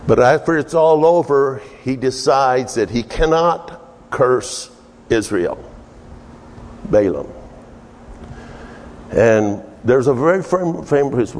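A man preaching a conversational sermon, telling the story with emphatic, jumpy delivery. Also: a little mellow. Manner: storytelling, emphatic, with sudden pitch jumps. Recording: long reverb of a large hall.

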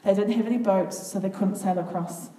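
A woman reading a children's Bible story aloud to a group, with earnest, expressive comments between passages. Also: medium pitch, brisk. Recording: echoey room, far from the mic, faint noise.

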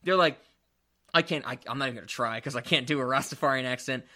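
Animated bright-voiced man reviewing a movie. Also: medium pitch, fast. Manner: animated, laughing, swears freely. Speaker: podcast host. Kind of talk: casual movie review chat.

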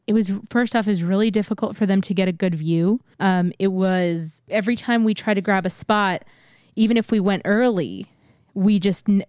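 A woman's voice: medium pitch, darkish tone, clear, resonant tone, no echo, studio quality. A woman co-hosting a theme park podcast, chatting casually with fillers and gushing praise. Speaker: podcast co-host. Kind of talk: casual chat.

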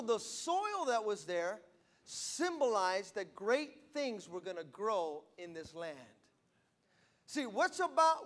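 High-voiced male preacher, emphatic sermon. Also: fairly bright tone. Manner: emphatic and repetitive, stressing key phrases. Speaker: pastor. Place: church before a live congregation.

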